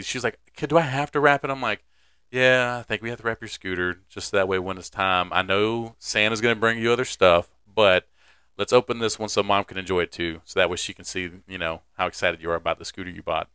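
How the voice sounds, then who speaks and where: A man's voice: deep voice, fairly even intonation, fast talker, pushed and bright, smooth, dry recording, clean studio sound. A young man co-hosting a podcast, chatting casually, joking crudely and laughing often. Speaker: podcast co-host. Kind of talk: casual chat.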